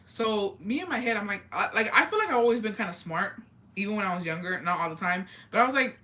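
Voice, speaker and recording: A young woman races through a spooky personal story in loose, profane slang. Her voice is bright and a little low, and she talks quickly with lively energy. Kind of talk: casual storytelling.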